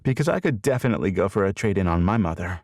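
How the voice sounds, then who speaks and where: A quick, wry young woman with a teasing bite, as a male audiobook reader puts her on. Pitched above his own voice, gravelly, in a dry close sound. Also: lively intonation, a little mellow, no echo. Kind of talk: audiobook character voicing.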